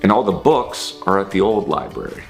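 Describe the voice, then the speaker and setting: A man hosting a vlog, giving a motivational talk to camera and explaining his ideas with examples, sometimes speeding up and sometimes slowing down. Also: low voice, expressive, creaky, faint music behind. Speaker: vlog host.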